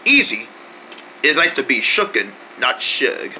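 A fussy, eager butler speaks in a put-on British accent, his tone very bright and his pitch leaping about. He is formal to a fault and addresses everyone as sir or ma'am, as a performer puts him on. Faint noise hums under this homemade cartoon voice. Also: sing-song, unhurried, exaggerated voice, rough recording. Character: polite butler Stan, adult man, eager to serve.

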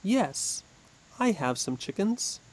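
A man's voice: high voice, very animated, slow, slight background noise, pitched above the performer's own voice, heavily acted. A man doing a pleading poor father. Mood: earnest. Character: poor desperate village father. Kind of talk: storybook reading for English learners.

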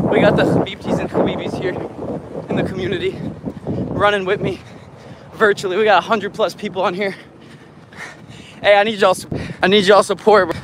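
A man's voice: sits high, flat delivery, normal speed, pauses often, heavy background noise. Breathless young man running outdoors. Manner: brash, joking, trash-talking. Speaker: vlogger livestreaming a run. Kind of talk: hyped livestream chatter. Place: outdoors on a city street in heat. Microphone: handheld phone camera.

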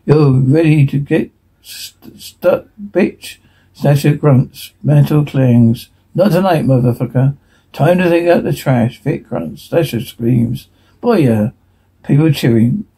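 A man reading a TV episode transcript aloud in a hurried way, stumbling and restarting words now and then. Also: fairly high pitch, vocal fry, warm tone, husky, rough recording. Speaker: reader.

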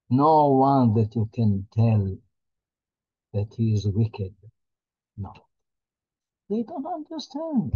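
A man, a rabbi, teaching a holiday Torah class in a halting, earnest way, often repeating his words. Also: medium pitch, breathy edge, dull audio.

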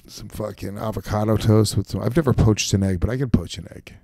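Low-voiced male streamer, profane and self-mocking, dry close mic sound. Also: a little fast, creaky, mellow, dry recording. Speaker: streamer and comedian. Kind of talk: casual gaming stream chat.

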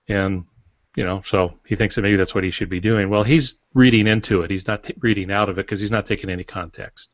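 Low-pitched guy explaining stuff on a podcast, lots of uhs, dry muffled sound. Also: fairly even intonation, fairly quick, no echo. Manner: explaining at length with fillers. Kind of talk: casual explanatory talk. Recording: dry, dull lo-fi podcast audio.

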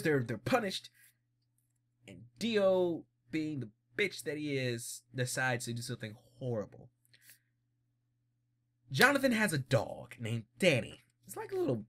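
Animated, blunt man recapping a show. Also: mid-range voice. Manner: animated, blunt, laughs often. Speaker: vlogger. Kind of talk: casual episode recap.

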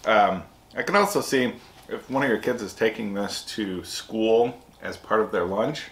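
A man's voice: fairly low pitch, normal speed, a bit bright. A man co-hosting a casual snack review, easygoing with dry remarks. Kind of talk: casual food review chat. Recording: echoey room with faint hiss.

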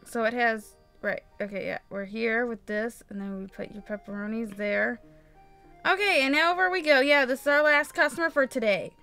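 A woman hosting a casual let's play, chatting excitably and exclaiming as she plays. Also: a little high, moderate pace, smooth, faint music behind. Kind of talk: casual gameplay commentary. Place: home, in daytime.

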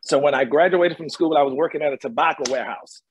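A man's voice: fairly high pitch, fast, a little hiss or hum. A middle-aged man, guest on an interview over a video call, telling stories emphatically and repeating phrases. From North Carolina, USA. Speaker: guest actor. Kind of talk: casual interview storytelling.

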